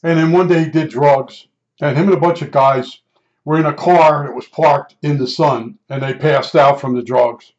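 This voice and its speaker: An older man telling a rambling personal story in a spoken monologue, halting often and restarting his sentences. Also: fairly high pitch, darkish tone. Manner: meandering, halting, with many restarts and fillers. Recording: dull lo-fi recording.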